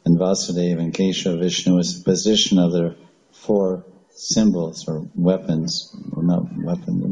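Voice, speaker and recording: A man's voice: deep voice, mellow, muffled recording. A man giving a devotional scripture talk, rambling with restarts and chanting Sanskrit names. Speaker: Vaishnava preacher.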